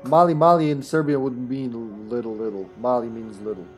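A man's voice: medium pitch, steady tone, normal speed, soft background music. A man streaming a co-op video game, chatting casually, joking and laughing, sometimes putting on a mock British voice. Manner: jokey, laughs a lot, puts on a mock British voice. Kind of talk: casual gameplay chat.

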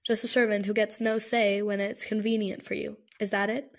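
A woman's voice: mid-range voice, level tone, normal speed, natural voice. A woman reading an audiobook, voicing a protective young man who speaks firmly and earnestly. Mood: sharp. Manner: firm, insistent, earnest. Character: firm, caring young man, protective and stubborn. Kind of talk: audiobook character voice.

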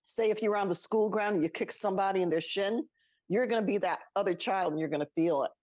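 A woman's voice: mid-range voice, quick pace, a little mellow, no echo. A middle-aged woman co-hosting a podcast, telling a personal story in a casual, chatty way and laughing often. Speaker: podcast co-host.

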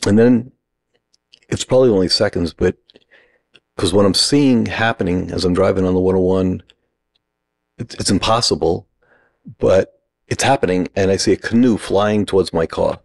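Low gravelly man telling a story. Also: normal speed, long pauses, darkish tone, no echo. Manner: acts out the other people's lines in the story; short punchy sentences. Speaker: acting teacher, podcast guest. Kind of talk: animated storytelling.

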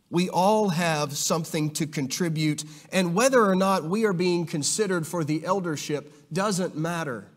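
High-voiced man preaching in an echoing hall. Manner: earnest, repeats words when restarting. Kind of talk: sermon. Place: church auditorium. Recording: long reverb of a church hall.

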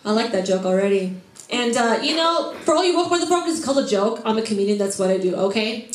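A woman's voice: fairly high pitch, expressive, fast talker. A woman stand-up comedian doing a set on a comedy club stage, brash and profane as she teases the crowd. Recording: echoey club with background noise.

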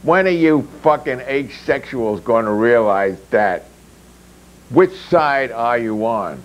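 A man voicing an angry male radical band leader who talks in emphatic shouts. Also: mid-range voice, lively intonation, slow, low-quality recording. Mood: heated.

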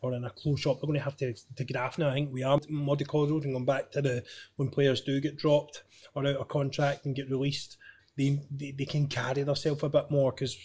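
A man's voice: mid-range voice, little pitch movement, fairly quick, darkish tone. A man hosting a podcast, chatting casually in a jokey, matey way. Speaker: podcast host. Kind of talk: casual interview chat.

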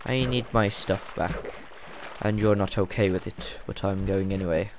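A man giving casual gameplay commentary, excitable and jumpy, rambling and yelping as he plays. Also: on the low side, normal speed, slight background noise. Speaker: let's play gamer.

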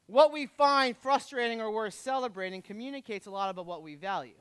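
A male pastor preaching a sermon with self-deprecating humor, swinging between loud emphatic bursts and hushed lines. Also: high-pitched, brisk, smooth, no echo.

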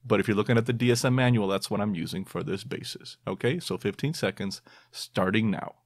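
A man's voice: on the low side, fairly quick, dry recording. Man, podcast host, playful, quizzing listeners, dry recording. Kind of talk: quiz-style podcast monologue.

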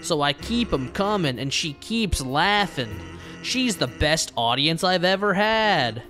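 A lazy, wisecracking skeleton from a video game, as a man puts him on while reading the lines aloud. He drawls slowly with a southern lean. His tone is bright and a little pushed, and his voice sits somewhat high for a man. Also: lively intonation, faint music behind. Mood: easygoing. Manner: slow southern-tinged drawl. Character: laid-back joking male skeleton.

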